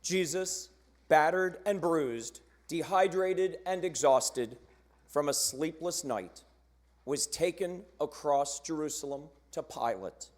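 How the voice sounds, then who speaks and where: A man narrating a church cantata in a measured, solemn storytelling manner, posing rhetorical questions as he goes. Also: on the high side. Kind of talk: scripted dramatic narration. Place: church sanctuary during a choir performance.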